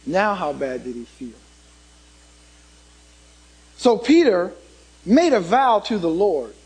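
A man preaching a sermon, turning dramatic as he swings from loud emphasis to hushed tones and puts questions to the congregation. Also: high voice, big pitch swings, slow pace, husky, low-quality recording.

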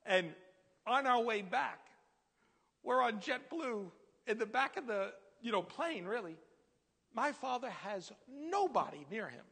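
A man preaching a sermon as a story, lively and animated, sometimes dropping to a hushed whisper. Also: very high-pitched, a little slow, creaky, slightly rough, long reverb tail.

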